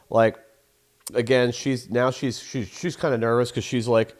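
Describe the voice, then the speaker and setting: A man's voice: medium pitch, expressive, normal speed, gravelly, a little mellow. Profane, rambling man giving sales advice. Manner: profane, rambling, acts out phone calls in voices. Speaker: sales trainer and host. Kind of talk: casual advice monologue.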